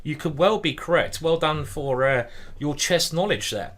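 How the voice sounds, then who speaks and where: Guy chatting on a chess stream, says hi to chat a lot, bit high. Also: moderate pace, fairly bright tone. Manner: chatty, greets viewers by name, lots of ums. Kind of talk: casual live-stream commentary.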